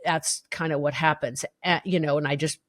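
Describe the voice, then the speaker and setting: A woman's voice: sits low, fairly even intonation, normal speed, dry recording, studio quality. Woman telling a vivid personal story. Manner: vivid, emotional retelling with restarts and acted-out quotes. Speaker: podcast guest.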